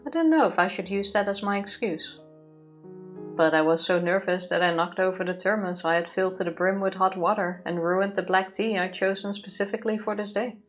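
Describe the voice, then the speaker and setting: A woman co-hosting a let's play, reading the visual novel's narration aloud in a steady voice. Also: mid-range voice, fairly quick, faint music behind. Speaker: let's play co-host reading the game text.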